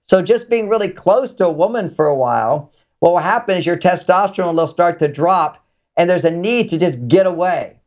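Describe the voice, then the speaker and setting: A man's voice: high-pitched, expressive, moderate pace, darkish tone. A man being interviewed as a relationship author, talking casually and explaining his ideas through anecdotes.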